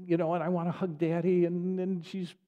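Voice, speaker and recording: An older male pastor delivers a sermon in an earnest, repeating cadence. His voice sits high for a man. It rings with the long reverb of a large hall. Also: flat delivery, brisk, warm tone, dull audio. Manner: earnest, repetitive preaching cadence.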